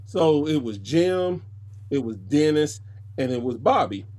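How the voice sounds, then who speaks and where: A man's voice: on the high side, lively intonation, a little slow, darkish tone. A man, a podcast guest, telling stories casually and animatedly, jumping into other people's voices when he quotes them. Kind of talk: casual storytelling.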